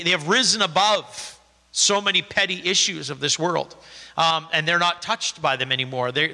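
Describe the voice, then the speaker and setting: Bright-voiced pastor preaching in a hall. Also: male voice, sits high. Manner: reads scripture with emphatic rising stresses, then explains conversationally. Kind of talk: sermon with scripture reading. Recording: reverberant hall.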